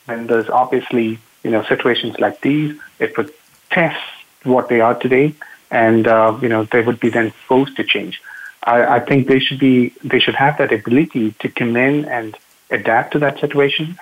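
A man calling in as a panel guest, speaking earnestly and haltingly with many fillers, over a tinny phone line. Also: medium pitch, breathy edge. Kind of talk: casual remote discussion.

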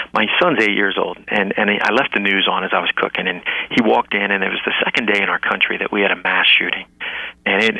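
Gravelly, bright-voiced earnest man. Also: fairly low pitch, no echo, low-quality recording. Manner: earnest, builds to emphatic peaks, repeats words. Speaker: guest, educator and author. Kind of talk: heartfelt podcast interview.

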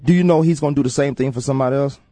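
A man hosting a casual sports talk radio show, animated and repetitive as he makes his points. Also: mid-range voice, racing, no room sound. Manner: animated, repeats himself.

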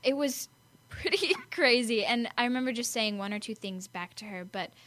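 Bubbly bright-voiced teen girl host. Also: a little high, moderate pace, dry recording. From Arizona. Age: teens. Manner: bubbly, animated storytelling. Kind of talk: casual radio chat.

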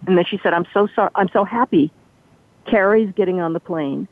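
A former entertainment reporter, now an older woman, is an interview guest telling behind-the-scenes stories and animatedly acting out others' speech. Her mid-range voice is brisk, recorded over a tinny, dry phone line.

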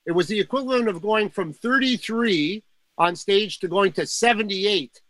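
A man's voice: sits high, normal speed, fairly bright tone, dry recording, low-quality recording. An older man telling a long backstage anecdote in casual talk, rambling with fillers and restarts. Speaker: guest storyteller.

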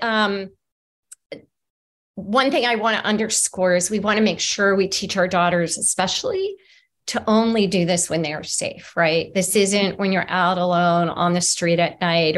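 A middle-aged woman, an author being interviewed on a video call, talking earnestly in a conversational way. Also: mid-range voice. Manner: earnest and animated, acts out examples.

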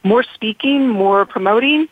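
A woman's voice: a little high, measured pace, husky, no echo. A woman co-hosts a radio interview and asks questions in an upbeat way. Her voice comes through thin and narrow, as if over a phone line. The sound is dry, with no room around it. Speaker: co-host.

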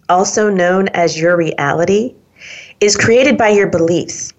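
A woman's voice: fairly low pitch, gravelly, muffled recording. A woman hosting a self-help talk show, speaking upbeat and straight to her listeners in a coaching manner. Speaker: host.

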